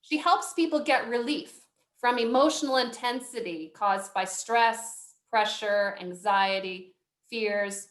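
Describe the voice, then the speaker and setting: A woman's voice: a little high, takes it slowly, a bit bright. A woman moderating a video call workshop, reading out audience questions in a friendly, chatty, sometimes apologetic way. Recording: roomy video call audio.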